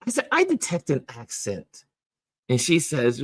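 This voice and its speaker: A man's voice: medium pitch, wildly swooping pitch, normal speed, slightly rough, no echo. A man hosting a community game night, casually telling a story and acting out both sides of a conversation. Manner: chatty, with many restarts and repeated "I said".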